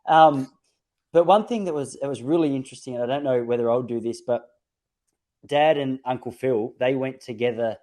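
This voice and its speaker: A man's voice: mid-range voice, a little fast, a little mellow. A man hosting a casual podcast conversation, telling stories in a reflective way with frequent restarts. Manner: reflective, storytelling with many restarts. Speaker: podcast host.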